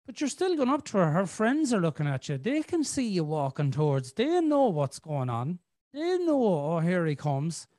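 A man's voice: high voice, very animated, moderate pace, few pauses, a little mellow, no room sound, clean studio sound. A middle-aged man, hosting a podcast as a rambling storyteller who swears freely. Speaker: podcast host. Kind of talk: casual chat.

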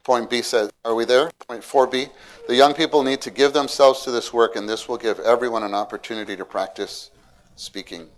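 An animated male preacher giving a sermon to a congregation. His volume swings from soft asides to loud, emphatic exhortation. He sits at a middle pitch and breaks into voiced quotes of the people he talks about. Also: a little fast. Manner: animated, shifts between quiet and loud. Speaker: church speaker.

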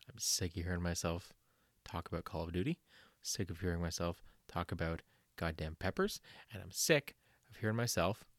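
Rambling, self-mocking young podcaster. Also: male voice, low-pitched, no room sound, clean studio sound. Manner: rambling, self-deprecating, swears often. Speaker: podcast host. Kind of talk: casual solo podcast.

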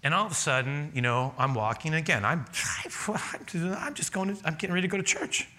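A man preaching a sermon, telling a personal story with lively laughter and acted-out dialogue. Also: fairly high pitch, fairly quick. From a city. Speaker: pastor.

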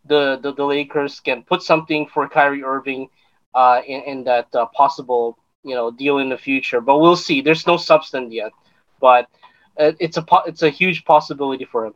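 Halting man in a dull lo-fi recording. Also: mid-range voice, fairly even intonation, fairly bright tone. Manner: halting, many fillers and restarts. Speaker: podcast co-host. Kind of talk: casual sports chat.

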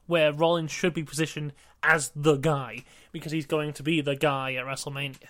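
A man's voice: a little high, flat delivery, normal speed, a bit bright, no room sound. A young British man co-hosting a casual wrestling review podcast, recapping matches with playful quoted asides. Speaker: podcast co-host.

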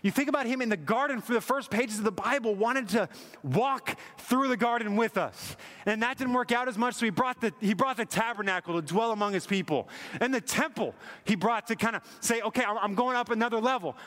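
High-voiced rambling preacher. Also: male voice, brisk, fairly bright tone, big-room sound. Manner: casual, rambling, many "you know" fillers. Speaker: pastor. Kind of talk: sermon.

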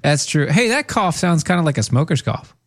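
A man co-hosting a casual podcast, teasing his partner and pitching products playfully. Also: sing-song, a little fast, no echo, clean studio sound. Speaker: co-host.

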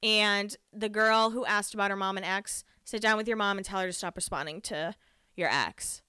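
A woman's voice: medium pitch, normal speed, bright, forceful tone, clear, resonant tone, no echo, studio quality. A young woman hosting her own podcast, talking casually and gossiping, filled with "like" and frequent swearing. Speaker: podcast host. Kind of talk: casual solo podcast chat.

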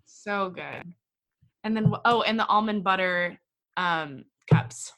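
Bright, gushing woman podcast host. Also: medium pitch, takes it slowly. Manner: gushing, enthusiastic, laughs often. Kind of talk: casual podcast chat.

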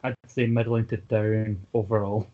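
A man co-hosting a casual podcast, ranting quickly with many fillers. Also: on the low side, level tone. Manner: fast, filler-heavy ranting. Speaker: podcast co-host. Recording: dull lo-fi podcast audio.

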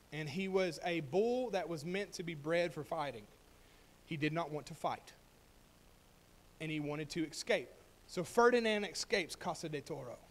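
Man, preacher, high-pitched, storytelling sermon, emphatic swells. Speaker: pastor.

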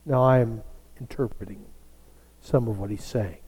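A male pastor preaching a sermon, telling a story slowly and dropping to a hush for emphasis. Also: medium pitch, husky, big-room sound. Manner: slow, storytelling delivery that drops to a hush for emphasis.

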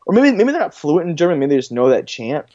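Male co-host, wry and deadpan, slightly dull dry recording. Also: a little high, quick pace, no echo. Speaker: podcast co-host. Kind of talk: casual chat recapping a reality dating show.

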